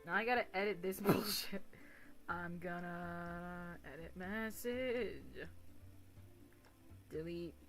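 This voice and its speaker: A woman streamer chats casually with her viewers over faint background music, rambling, giggling, getting crude, and often poking fun at herself. Her voice is on the low side with a fairly bright tone, and she talks slowly with frequent pauses.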